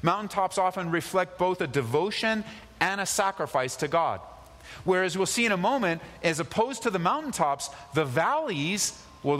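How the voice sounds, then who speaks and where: A man's voice: medium pitch, fairly bright tone, big-room sound. A male pastor preaching a sermon, reading scripture and repeating key phrases with sudden emphasis.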